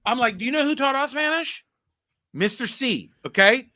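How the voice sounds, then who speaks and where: A man in his forties hosts a casual podcast, his voice high and bright with wide, lively swings in pitch. He tells stories with real energy, acting out quotes and laughing through them. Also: moderate pace. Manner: animated, storytelling with put-on quotes and laughs. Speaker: podcast host. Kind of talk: casual chat.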